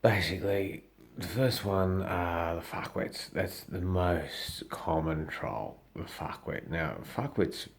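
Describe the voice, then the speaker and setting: A man's voice: sits low, takes it slowly. A man with an Australian accent talking casually to camera in a blunt, profane way, acting out the voices of people he quotes. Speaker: social media personality.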